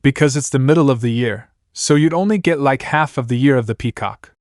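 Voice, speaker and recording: A man's voice: medium pitch, fairly quick, darkish tone, no room sound, studio quality, lightly acted. A man voicing a nervous male wolf henchman leader.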